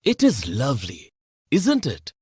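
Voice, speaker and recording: A woman voicing a confident young boy who coaxes and teases in a husky voice for a lesson dialogue. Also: rumbling low, huge pitch swings, measured pace, darkish tone, dry recording, clean studio sound, pitched below the performer's own voice, exaggerated voice. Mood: coaxing.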